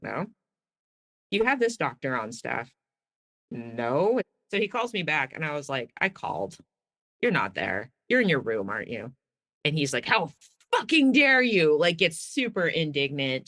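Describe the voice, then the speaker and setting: Woman, guest, casual storytelling, acts out quotes, lively pitch, bright tone. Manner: animated, acts out quoted dialogue. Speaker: guest sharing her story.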